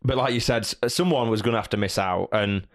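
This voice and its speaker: A man's voice: lowish voice, quick pace. A man co-hosting a football podcast, rambling in casual chat with lots of restarts. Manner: rambling, many restarts and "you know". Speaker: podcast co-host.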